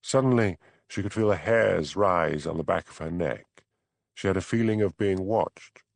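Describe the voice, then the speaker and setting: A man reading an audiobook in a measured, even storytelling manner. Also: low voice, gravelly, dry recording. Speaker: audiobook narrator. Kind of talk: scripted narration.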